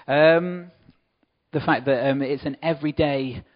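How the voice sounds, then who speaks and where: A man's voice: on the high side, measured pace, muffled recording. A man giving an informal church talk, chatting with asides to the congregation. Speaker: church speaker.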